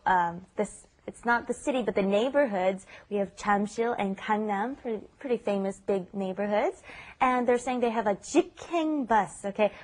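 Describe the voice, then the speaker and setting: A woman co-hosting a casual Korean lesson podcast, reading example lines aloud and then explaining them. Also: on the high side. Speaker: Korean language teacher co-host.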